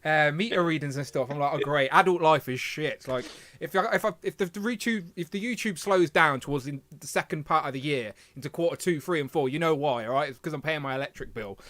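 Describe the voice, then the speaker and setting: A chatty British man runs a casual live stream, rambling and poking fun at himself. His voice sits a little high, and the sound is dry and close. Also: animated, fast talker, hardly any pauses, a bit bright, no room sound. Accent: British English. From Britain. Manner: chatty, self-deprecating, rambling. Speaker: livestream host.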